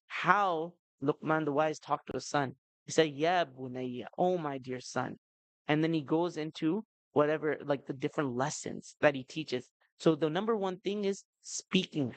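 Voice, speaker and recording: Here the family-seminar speaker, a man in his thirties whose voice is on the high side, chats with parents at a community event and keeps adding "you know" and "right?" asides. There's no echo, but the audio is poor.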